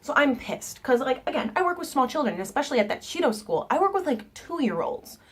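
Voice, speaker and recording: In a casual storytime, a young vlogger retells events with animation, imitating the voices of the people in them. Her voice is high, nasal, and husky, and she talks fairly quickly.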